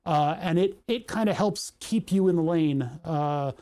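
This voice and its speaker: High-voiced rambling male streamer. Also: a little slow, dark tone. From Pennsylvania. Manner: rambling, self-deprecating, reads chat aloud. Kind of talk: casual livestream chat.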